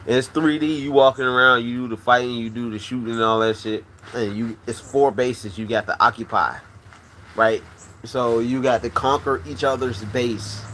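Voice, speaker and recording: A man's voice: mid-range voice, steady tone, normal speed, a little hiss or hum. Rowdy, tipsy male stream host. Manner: loud, rowdy, laughs often, shouts catchphrases. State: slightly drunk. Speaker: livestream host. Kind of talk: casual livestream chat.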